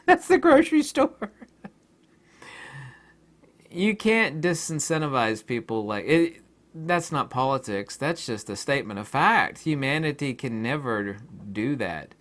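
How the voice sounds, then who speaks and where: Man, casual rambling monologue, lively pitch, laughs a lot, acts out quoted voices. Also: measured pace. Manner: rambling, laughs often, acts out imagined exchanges. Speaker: YouTube channel host.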